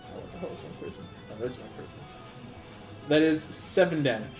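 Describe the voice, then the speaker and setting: A man's voice: on the high side, lively intonation, fairly quick, loud music behind the voice. A man playing a tabletop game, joking and laughing with the group. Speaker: player. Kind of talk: casual tabletop play.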